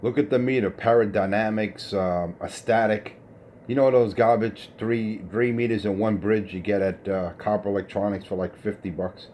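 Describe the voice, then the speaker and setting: A low-pitched New man rants over CB radio, scornful and insulting as he picks apart another operator's equipment. A faint hiss of noise sits beneath his voice. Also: steady tone, normal speed, darkish tone. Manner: scornful, insulting, technical ranting. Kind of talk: profane CB radio banter.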